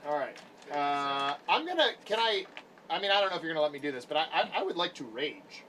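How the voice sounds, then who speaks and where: A man's voice: fairly high pitch, sing-song, fast talker, sharp tone, slight background noise. A man playing a tabletop game, speaking casually and repeating himself. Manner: easygoing, repeats words. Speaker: player.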